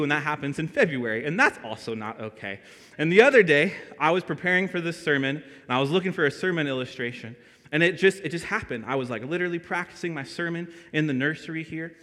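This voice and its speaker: A young adult man preaching a sermon as a pastor, telling a story with lively energy and asking the congregation questions. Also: high-pitched. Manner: animated storytelling, asks the room questions. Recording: long reverb of a church hall.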